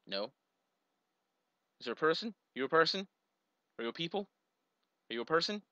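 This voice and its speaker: A man with a fairly high, bright voice that swings all over the place, talking through a video chat in a rambling, exasperated way. He breaks into sudden loud yelps. The recording sounds dull and lo-fi. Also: big pitch swings, moderate pace, creaky, long pauses, no echo. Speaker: video creator. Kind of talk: casual commentary while video chatting.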